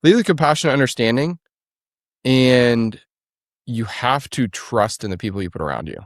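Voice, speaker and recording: A man's voice: mid-range voice, animated, normal speed, no echo, clean studio sound. A man speaking as a podcast guest, explaining his work in a direct, matter-of-fact way. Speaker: podcast guest, agency founder. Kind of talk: casual interview chat.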